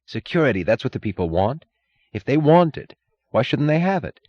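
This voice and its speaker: A man's voice: mid-range voice, big pitch swings, a little fast, a little mellow, muffled recording, voice pushed up. A man reading an audiobook, voicing a smug middle-aged bureaucrat who preaches in an oily, sanctimonious manner. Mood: preachy.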